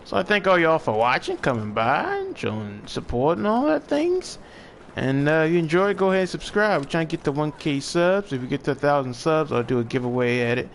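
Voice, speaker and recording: A man's voice: on the high side, very animated, fairly quick, slight background noise. A young man chatting casually as he streams a game, laid-back and thinking aloud while he plays. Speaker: gaming streamer. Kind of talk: casual live gameplay commentary.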